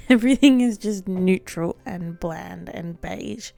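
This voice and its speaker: Hosting a let's play, a woman with a lowish, gravelly, slightly mellow voice takes things slowly yet hardly pauses. The dry recording has no room sound, just faint music behind her chatty, giggly, self-deprecating commentary.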